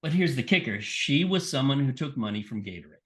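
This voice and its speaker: He talks quickly in a mid-range voice: a middle-aged sports nutrition scientist sharing stories as a guest on a podcast. The interview is casual, and he's an animated teller who acts out the people in his quotes.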